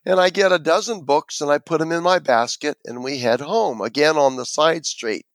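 An interview guest tells a long personal story, animatedly acting out the voices of the people involved. His voice is a little high, his pace moderate, and the recording has no echo.

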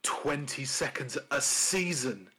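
Male podcast co-host, husky voice, loose rambling delivery, casual and sweary. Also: mid-range voice, lively intonation, slow, sharp tone, poor audio. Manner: rambling, many fillers and restarts, swears. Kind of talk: casual chat.

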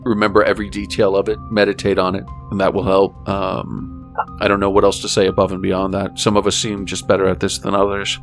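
A man running a tabletop game as game master, calm and matter-of-fact. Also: sits low, fairly quick, soft background music.

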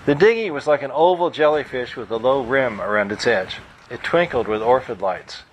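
Brief: male author narrating his book live, steady, mid pitch, faint background noise. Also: normal speed, highs cut off. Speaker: author reading his novel. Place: bookstore reading event.

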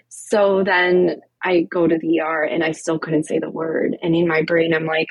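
A woman with a deep, unhurried voice and a breathy edge guests on a podcast as a cancer coach, sharing her story candidly. She's animated, acting out quoted dialogue and peppering it with "like." The recording is lo-fi with no room sound.

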